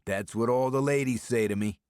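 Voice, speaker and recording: A man's voice: mid-range voice, a little fast, a little mellow, no room sound, clean studio sound, pitched above the performer's own voice, close to an everyday voice. A man voicing a breezy, gum-chomping diner waiter who cracks jokes, in a raised, slightly changed voice. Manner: breezy, wisecracking. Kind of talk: audiobook character voice.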